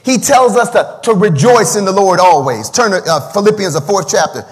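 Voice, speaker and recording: Male pastor, very high voice, preaching with call-and-response, long hall reverb. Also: animated, moderate pace. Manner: preaching with call-and-response, breaks into singing a hymn. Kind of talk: livestreamed sermon.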